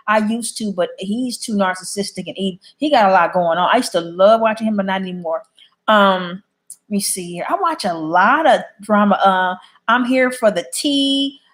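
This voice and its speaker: At normal speed and medium pitch, with a fairly bright tone, a woman chats casually on a YouTube livestream. She reads out what viewers write and answers bluntly, full of opinions.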